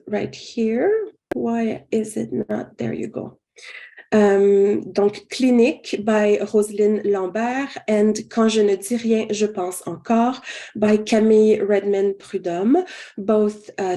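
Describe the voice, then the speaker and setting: A woman with a sick voice giving an academic conference talk over a video call, careful and measured. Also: mid-range voice, dark tone. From Canada. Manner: apologetic about a sick voice, careful academic delivery. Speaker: academic speaker.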